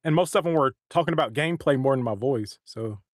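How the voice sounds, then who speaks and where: A man's voice: mid-range voice, lively intonation, fast, dry recording, clean studio sound. A man chatting casually on a livestream, rambling and restarting his sentences often. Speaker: voice actor and stream co-host. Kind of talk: casual chat.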